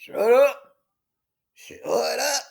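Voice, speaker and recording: A woman voicing an angry male ship's radio operator who yells at people. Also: high voice, expressive, takes it slowly, gravelly, pitched above the performer's own voice, exaggerated voice. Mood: furious. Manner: yelling.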